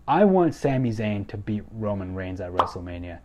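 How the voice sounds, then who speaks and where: A young man excitedly recapping a wrestling show, gushing and repeating himself as he goes. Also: fairly low pitch, moderate pace, hardly any pauses, dull audio. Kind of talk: enthusiastic recap commentary.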